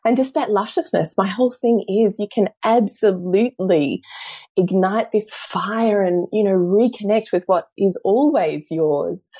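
A woman's voice: mid-range voice, a little slow, breathy edge, no room sound. A woman, a mother of three, sharing personal stories earnestly and emotionally as a podcast guest. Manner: earnest and emotional, with soft laughs. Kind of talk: heartfelt personal storytelling.

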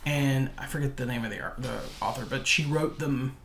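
A man co-hosting a podcast, explaining things eagerly and in an animated way. His voice sits at a middle pitch and is recorded with a roomy echo. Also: normal speed, gravelly, slight background noise. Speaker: podcast co-host. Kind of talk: casual chat.

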